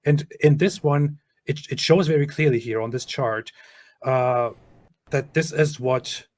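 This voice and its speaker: A man's voice: medium pitch, measured pace, darkish tone. A man with a German accent giving explanatory commentary, laying out his points methodically, step by step. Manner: methodical, breaks things down step by step. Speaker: video commentator.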